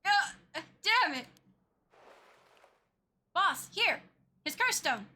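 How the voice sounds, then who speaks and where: A woman voicing an eager young male sidekick, reading game lines aloud with excited shouts. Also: high-pitched, normal speed, pitched above the performer's own voice.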